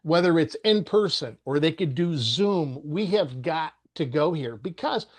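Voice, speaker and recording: A man's voice: on the high side, lively intonation, measured pace. An older man hosting a panel discussion, speaking in an affirming way and often murmuring agreement. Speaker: panel host.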